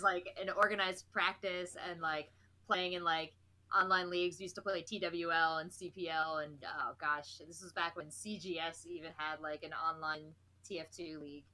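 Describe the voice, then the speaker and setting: A woman's voice: on the low side, pushed and bright. A woman in her thirties from New Jersey, chatting easily as an interview guest and laughing often. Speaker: guest, esports host. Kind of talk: casual interview chat.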